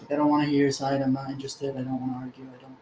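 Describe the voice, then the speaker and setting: Talking very fast in a level, medium-pitched voice, this young man keeps the chat casual, laughing a lot with a relaxed, profane style packed with fillers. A loud crowd is audible, and the recording has an echoey room with faint ambient noise.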